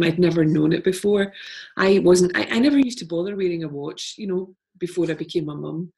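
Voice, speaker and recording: A middle-aged woman with a Scottish accent talks in a relaxed, reflective way, breaking into easy laughter. Her voice sits a little low. She is a guest in a casual podcast chat. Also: fairly quick, gravelly. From Scotland. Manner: reflective, chatty, laughs easily. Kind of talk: casual conversation.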